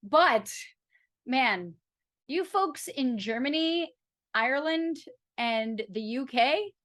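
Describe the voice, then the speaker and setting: Woman, high voice, podcast co-host, casual chat, playful, giggly. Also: expressive, slow pace, a bit bright, no echo, studio quality. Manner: playful, giggly, reads facts aloud.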